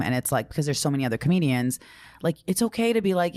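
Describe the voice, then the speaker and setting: A woman comedian chatting casually on a podcast, telling animated stories and acting out what people said, with casual swearing. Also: low voice, rapid-fire, no room sound, studio quality. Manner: animated storytelling, acts out quotes, swears casually.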